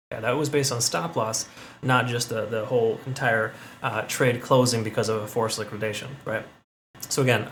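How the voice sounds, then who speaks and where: A man talks quickly through trading charts in a casual, chatty way, hedging his calls and tagging on "okay?" to keep his viewers with him. His voice sits at an ordinary middle pitch, with a faint hum of room ambience behind it. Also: a bit bright. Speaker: crypto analysis channel host. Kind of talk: casual chart analysis talk.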